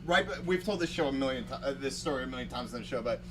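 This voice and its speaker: A man's voice: medium pitch, animated, rapid-fire. Chatty guy telling a story, voice jumps all over, lots of "like", noisy background. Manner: rambling storyteller, lots of "like" and laughter. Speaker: podcast host. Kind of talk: casual chat.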